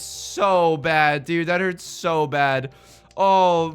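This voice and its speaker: A man hosting a let's play, giving excitable, joking, meme-heavy commentary on his own game. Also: fairly high pitch, unhurried, clear, resonant tone, faint music behind. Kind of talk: live gameplay commentary.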